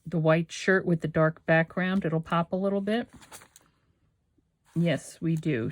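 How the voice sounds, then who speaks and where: A woman's voice: on the low side, fairly even intonation, a little slow, long pauses, dry recording. A woman hosting a craft video, thinking aloud and talking to herself as she glues and assembles a collage. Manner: thinking aloud, self-talk while working. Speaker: craft channel host. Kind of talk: casual crafting talk-through.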